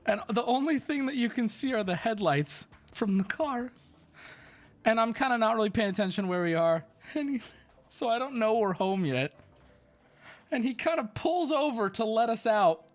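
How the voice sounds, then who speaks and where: An animated man tells a story casually on stream. His pitch leaps all over as he exclaims and swears. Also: normal speed.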